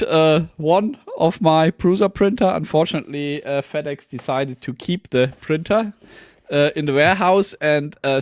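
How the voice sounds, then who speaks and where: A man's voice: a little high, no room sound, clean studio sound. A man co-hosting, describing his week in a plain, technical, matter-of-fact way. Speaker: co-host. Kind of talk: casual chat.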